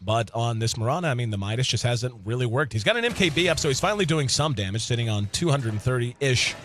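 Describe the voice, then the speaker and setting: A man commentating a live video game match at a middle pitch, chatty and easygoing. He breaks down the play while thinking out loud, with a faint hum of room sound behind him. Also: animated, quick pace. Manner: conversational, thinks aloud with fillers, laughs easily. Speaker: esports commentator.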